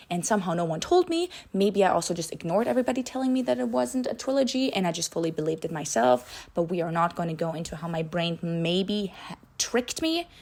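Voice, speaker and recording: Book vlogger, woman, casual and theatrical, with sudden high jumps for emphasis. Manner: chatty and dramatic, with sudden jumps in pitch. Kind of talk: casual book review chat.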